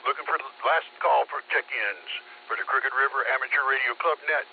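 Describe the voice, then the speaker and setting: A man's voice: mid-range voice, brisk, narrow, tinny audio. A man running an amateur radio net, making brief routine calls for check-ins. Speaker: net control operator. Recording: thin two-way radio transmission with faint hiss.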